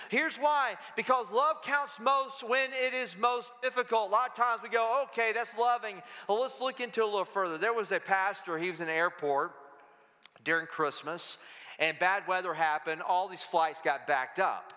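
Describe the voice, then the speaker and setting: A man preaching a sermon as pastor, telling stories with humor and lively delivery. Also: high voice, normal speed, long reverb tail. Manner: animated storytelling with humor. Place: church sanctuary.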